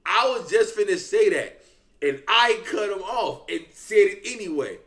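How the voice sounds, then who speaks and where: A man's voice: high voice, animated, measured pace, fairly bright tone. A young man giving loose, profane reaction commentary and talking straight to his viewers. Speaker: reaction streamer.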